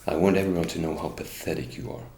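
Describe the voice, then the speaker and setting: A man's voice: deep voice, fairly even intonation, quick pace, darkish tone, a little hiss or hum. A middle-aged man, an English speaker, giving a bitter, indignant first-person account as an interviewee and turning to address the police directly. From Norway. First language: Norwegian. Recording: roomy echo with faint ambience.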